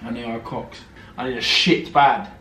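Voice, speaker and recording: A man's voice: medium pitch, fairly even intonation, normal speed, bright, forceful tone, a little hiss or hum. A young man, chatting casually and animatedly to a handheld camera, full of slang and swearing. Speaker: vlogger. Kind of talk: casual vlog chat.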